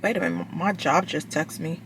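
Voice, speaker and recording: A woman's voice: sits low, very animated, fairly quick, a little hiss or hum. Chatty woman vlogger talking to viewers. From United States. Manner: chatty, addresses viewers as "y'all", trails off and restarts. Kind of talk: casual vlog chat.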